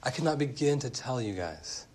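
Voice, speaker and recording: A man in his thirties preaching a sermon as pastor, animated, speeding up and slowing down and rising to loud emphatic peaks. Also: mid-range voice. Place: church.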